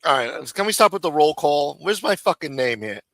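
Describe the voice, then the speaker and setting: A man's voice: a little high, big pitch swings, normal speed, fairly bright tone, no room sound, studio quality. A man hosting a live stream recap, talking casually and ribbing his guests with a profane, streetwise manner. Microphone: studio mic for a radio-style show.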